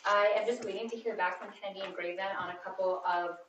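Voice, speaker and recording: A woman's voice: medium pitch, fairly even intonation, quick pace, a bit bright, dull audio. Woman reporting in an echoey chamber. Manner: methodical, plain-spoken, with frequent fillers. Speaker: economic development staff reporting to council. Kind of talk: council meeting report. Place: council chamber. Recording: echoey room, distant mic, background noise.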